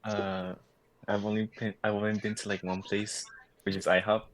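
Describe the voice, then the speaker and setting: A teenage boy chatting on a podcast, hesitant and halting. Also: fairly low pitch, little pitch movement, crowd noise, low-quality recording. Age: teens. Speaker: podcast co-host. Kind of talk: casual chat.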